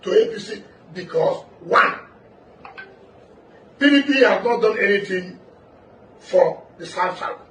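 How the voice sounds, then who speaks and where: A high-voiced man declaims at a political speech, forceful and insistent. He is picked up from a distance in an echoey room. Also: lively intonation, measured pace, pauses often, heavy background noise. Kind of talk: public speech.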